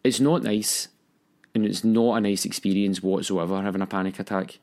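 A young man recounts a hard time in his life, speaking candidly and with feeling. His voice sits a little low, and he acts out the voices he quotes. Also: steady tone, normal speed, a little mellow. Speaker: storyteller recounting his own experience. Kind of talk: personal storytelling.

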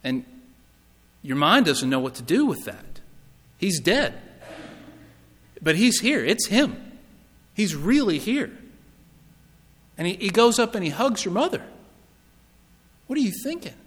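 Guy preaching a sermon, kinda high voice, goes loud then real quiet, long hall echo. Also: a little slow, pauses often, breathy edge. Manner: expressive storytelling, swings from loud to hushed.

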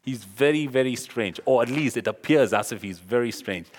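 A man preaching a sermon, acting out the story's dialogue with sudden loud exclamations. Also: mid-range voice, moderate pace. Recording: long hall reverb.

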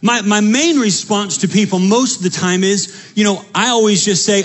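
A young adult man preaching a sermon as pastor, animated, repeating his phrases and stumbling over restarts. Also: high-pitched, moderate pace, few pauses.

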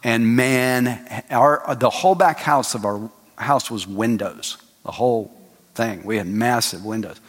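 A male pastor preaching a sermon, telling stories with lively acted-out voices that rise at times to shouting. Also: mid-range voice, a little slow, husky. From Texas. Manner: animated storytelling, acting out voices and rising to shouts. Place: church hall. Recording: long hall reverb.

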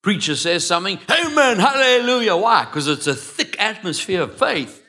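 A man preaching a sermon as pastor, swinging between loud calls and quiet asides and having the congregation repeat phrases after him. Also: sits high, sing-song, moderate pace.

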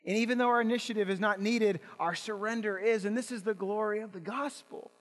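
A man's voice: sits high, fairly quick, fairly bright tone, big-room sound. A male pastor preaching an impassioned sermon, asking rhetorical questions and repeating words as he builds.

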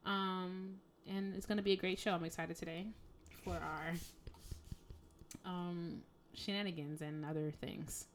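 A woman's voice: on the low side, steady tone, measured pace. A woman co-hosting a podcast, ranting emphatically and exasperatedly in casual speech. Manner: exasperated, emphatic, conversational slang. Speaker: podcast co-host.

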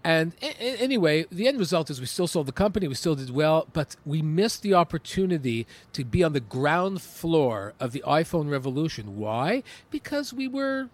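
A man's voice: on the high side, normal speed, few pauses. Emphatic middle-aged man telling stories. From Canada. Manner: animated, emphatic, with many restarts. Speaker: entrepreneur guest. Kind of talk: interview storytelling.

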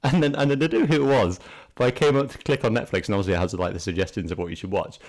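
Male podcast co-host, casual and chatty, lowish voice, quick to laugh at himself. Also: fairly even intonation, darkish tone. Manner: chatty, self-mocking, laughs often. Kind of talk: casual chat.

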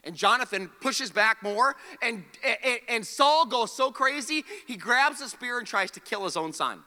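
A man's voice: very high-pitched, animated, unhurried, bright, forceful tone, long reverb tail. A man preaching a sermon as pastor. He tells the story with animation, acts out the characters' lines and has the audience repeat words back to him.

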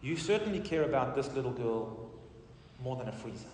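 A middle-aged man, a pastor, telling a testimony in a sermon with animated storytelling that swings from loud to soft. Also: mid-range voice, fairly quick, a little hiss or hum. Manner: animated storytelling, rising and falling in volume. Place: church hall. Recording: roomy hall reverb, distant mic.

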